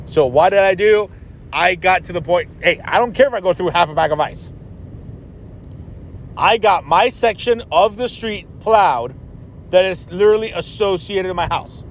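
A man with a high voice hosts a podcast and launches into a blunt, exasperated rant, swearing freely. His tone stays irritated and unfiltered throughout. A faint hum of noise sits behind him. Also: moderate pace. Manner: blunt, profane, exasperated ranting. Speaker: podcast host. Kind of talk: ranting podcast monologue.

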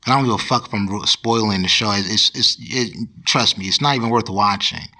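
Podcast host, male, bright forceful tone, animated profane rant with restarts. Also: lowish voice, brisk. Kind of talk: casual ranting commentary.

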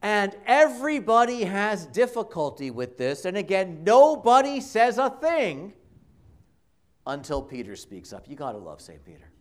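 Priest giving a homily, male, slightly high voice, lively intonation, slow measured delivery, storyteller's knack for repetition. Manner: conversational, dramatic storytelling with emphatic repetition. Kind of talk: sermon. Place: church. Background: congregation.

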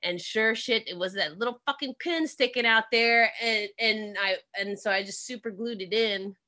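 A woman's voice: fairly high pitch, moderate pace, sharp tone. A woman in casual chat, telling a long story with lots of fillers, swearing and laughing.

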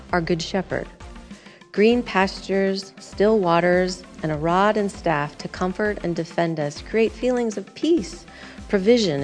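A woman with a fairly low voice reads a scripted devotional, earnest and explanatory. Soft music sits faintly behind her. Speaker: devotional narrator.

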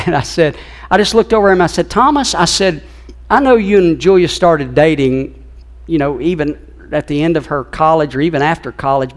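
A man in his fifties preaching a sermon in a church, telling a personal story in an earnest, emotional way. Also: on the high side. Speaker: pastor. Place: church sanctuary.

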